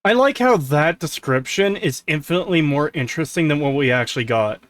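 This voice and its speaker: A man co-hosting a stream, chatting casually while reacting to a video, swearing freely and breaking into loud laughter. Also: fairly high pitch, animated, fairly quick. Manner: swears, laughs loudly, exasperated outbursts. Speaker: streamer co-host.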